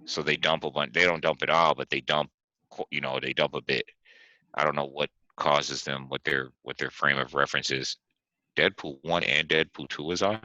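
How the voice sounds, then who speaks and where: A man hosting a podcast, casually chatting about movies, animated and laughing, often repeating himself. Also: very deep voice, moderate pace, dry recording, muffled recording. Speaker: podcast host.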